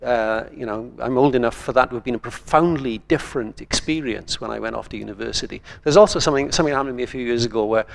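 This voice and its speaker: A man's voice: medium pitch, quick pace, creaky, hardly any pauses. An older man from Wales, a writer speaking on a conference panel in a thoughtful, digressive way.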